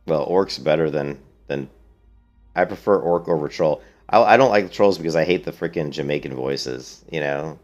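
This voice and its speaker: Deep-voiced man streaming a game. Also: moderate pace, faint music behind. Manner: chatty, answers viewer chat, blunt and opinionated. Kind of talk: casual let's-play commentary.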